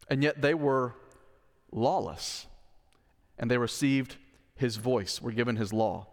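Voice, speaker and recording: Earnest preaching man in a reverberant sanctuary. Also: a little high. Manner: earnest, emphatic preaching with repeated phrases and direct questions to listeners. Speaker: pastor. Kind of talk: sermon. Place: church sanctuary.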